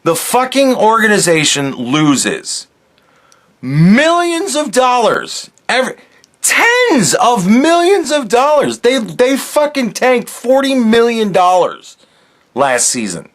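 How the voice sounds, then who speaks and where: Male podcast host, angry sarcastic rant, high pitched and very animated. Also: takes it slowly. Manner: angry, profane, sarcastic ranting.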